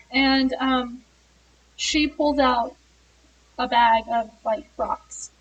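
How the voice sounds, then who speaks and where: A woman's voice: on the high side, fairly even intonation, slow pace, a bit bright, recorded from a distance, slight background noise, low-quality recording. A woman reviewing a book, retelling its plot in a chatty way with frequent laughs and fillers.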